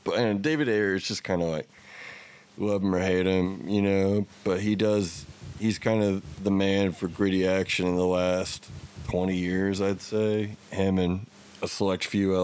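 A podcast co-host with a fairly low voice talks movies in a loose, enthusiastic ramble. He swears freely and keeps looping back on himself. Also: steady tone, measured pace, a little mellow, clear, resonant tone. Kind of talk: casual chat.

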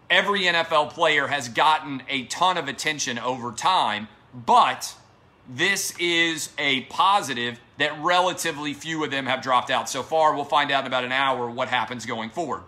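Bright-voiced sports talk host. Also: male voice, a little high. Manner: emphatic, combative, repeats key points. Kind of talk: opinionated solo sports monologue.

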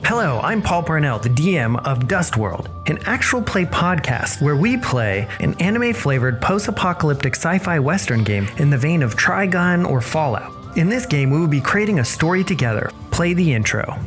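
A man's voice: on the high side, sing-song, normal speed, few pauses, over music. Enthusiastic man reading an ad. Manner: enthusiastic, promotional. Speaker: game master and creative director. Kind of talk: podcast ad read and intro narration.

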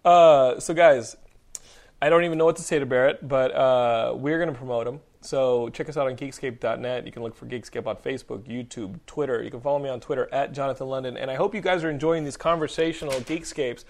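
A man hosting a podcast in casual, joking chat, swearing freely and throwing in quick asides. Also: mid-range voice, a little mellow. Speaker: podcast host.

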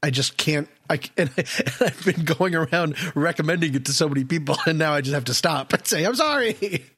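A man co-hosting a casual film podcast, joking around with quick wisecracks. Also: on the high side, steady tone, fairly bright tone, breathy edge, no echo, clean studio sound. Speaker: podcast co-host. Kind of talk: casual chat.

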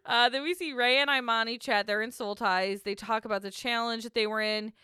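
Bright-voiced, chatty woman co-host. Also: a little high, fairly even intonation, fairly quick, clean tone, dry recording, studio quality. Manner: chatty, laughs often, blunt. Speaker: podcast co-host. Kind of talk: casual recap chat.

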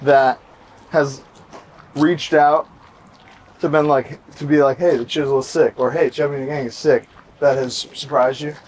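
A man's voice: medium pitch, steady tone, moderate pace, long pauses, darkish tone, slight background noise, low-quality recording. A man hosting a podcast, bantering in a teasing, playful way and laughing often. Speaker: podcast host. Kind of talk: casual banter.

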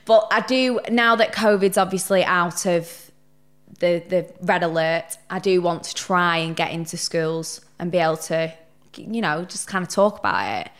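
A young woman telling stories in a casual interview chat, animated and swearing freely. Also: on the low side, normal speed. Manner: chatty, animated storyteller who swears casually. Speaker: podcast guest.

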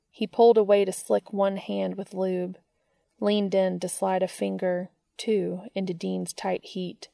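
Woman narrator, slow and gravelly, dark tone, reads fiction. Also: medium pitch, no room sound, clean studio sound. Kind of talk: reading fiction aloud.

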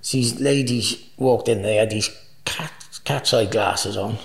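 Man, gravelly voice, crude laughing storyteller, echoey room. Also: lowish voice, unhurried. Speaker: guest. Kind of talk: casual anecdote telling.

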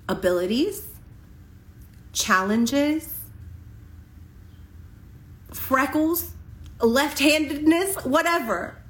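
A woman's voice: high voice, reverberant, rough recording. Impassioned woman giving a spiritual reading. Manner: impassioned, emphatic, with slow deliberate pauses. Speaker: tarot reader. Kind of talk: spiritual reading for a general audience.

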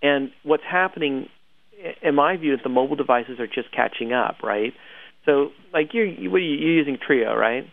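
A gravelly-voiced man co-hosts a casual news talk, animated and opinionated. His voice comes through thin and tinny, like a phone line. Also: mid-range voice, moderate pace, no room sound. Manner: animated, opinionated, laughs often. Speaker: podcast co-host.

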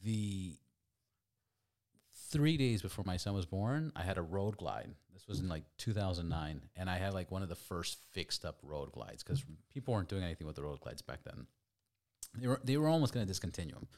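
A man in his thirties hosting a podcast, telling loose, animated anecdotes with casual swearing. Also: sits low, fairly quick. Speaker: podcast host.

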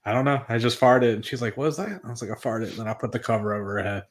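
A man's voice: on the low side, steady tone, rapid-fire. A man in his thirties, guest co-host on a podcast, telling stories in a rambling way with many fillers. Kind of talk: casual podcast chat.

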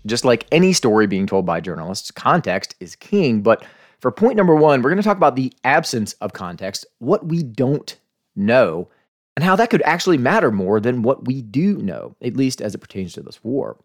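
A man's voice: medium pitch, sing-song, normal speed. An American man hosting a scripted commentary podcast, earnestly arguing his points and asking rhetorical questions. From United States. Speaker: podcast host.

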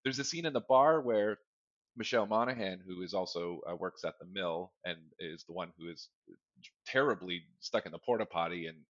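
A man from Canada co-hosting a podcast, chatting casually and relaxed about a film. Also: low voice, brisk, no room sound, highs cut off. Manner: relaxed, chatty, laughs along. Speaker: podcast co-host. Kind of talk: casual movie review chat.

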